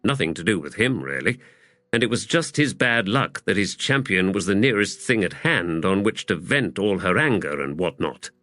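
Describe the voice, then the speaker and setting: This is scripted audiobook narration by a man with a low voice, delivered in a measured and expressive storytelling way. The recording is dry.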